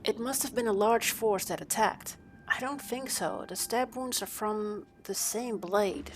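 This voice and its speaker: A woman voicing a composed, inquisitive adult woman hero in a video game, speaking calmly and deliberately. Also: mid-range voice, close to an everyday voice. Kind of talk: video game character dialogue.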